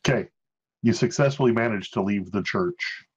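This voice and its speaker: A man narrating as game master of a tabletop game, pausing often with fillers. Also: on the low side, slightly rough, lo-fi sound. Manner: hesitant, many filler pauses.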